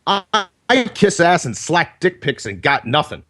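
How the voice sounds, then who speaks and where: A man's voice: on the high side, sing-song, moderate pace, bright, forceful tone. A man on a breaking-up internet call reads prepared roast jokes and chuckles between them. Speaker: caller reading roast jokes. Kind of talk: reading prepared roast jokes, laughing at his own lines.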